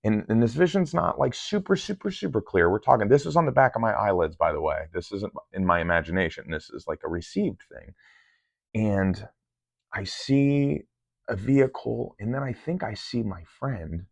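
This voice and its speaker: A man's voice: fairly low pitch, expressive, moderate pace, creaky, dry recording. A man casually recounting his meditation sessions in a rambling way, full of ums and restarts. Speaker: meditation vlogger. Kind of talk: casual first-person recounting. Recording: dull lo-fi sound.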